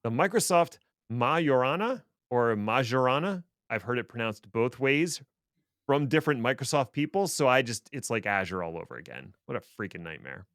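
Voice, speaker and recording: A man's voice: mid-range voice, sing-song, a little fast, fairly bright tone, no room sound. A man co-hosting a tech podcast, explaining things casually with dry, sarcastic asides. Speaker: podcast co-host.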